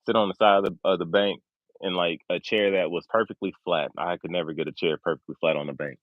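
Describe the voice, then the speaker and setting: A man with a very low voice joins a casual interview as a guest over a remote call. The sound is dull and dry. He talks in a laid-back, hesitant way and often repeats himself. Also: fairly even intonation, quick pace, no room sound.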